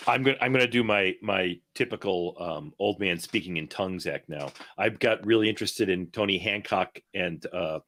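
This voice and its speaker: A man's voice: deep voice, normal speed, few pauses, fairly bright tone. A man on a casual panel chat, joking dryly and often stammering as he restarts. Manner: dry humor, stammering restarts. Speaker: panel guest.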